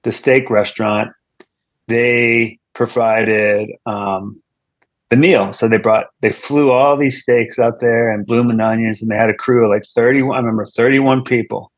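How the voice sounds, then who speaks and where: A man's voice: mid-range voice, steady tone, measured pace, no echo. Guy comic telling a story, keeps restarting and going off on side notes, dry close sound. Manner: rambling with frequent restarts and asides. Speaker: comedian guest. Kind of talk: casual storytelling.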